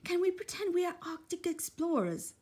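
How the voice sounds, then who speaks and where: A woman's voice: very high-pitched, sing-song, moderate pace, darkish tone, voice pushed up. A woman voicing a small, cheerful young girl in a storybook reading. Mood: eager.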